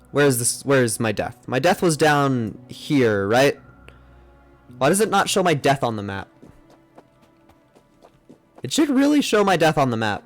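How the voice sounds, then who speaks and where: A young man streaming a game live, rambling and joking at himself as he plays. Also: mid-range voice. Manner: rambling, self-mocking, muttering to himself. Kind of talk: live gameplay commentary.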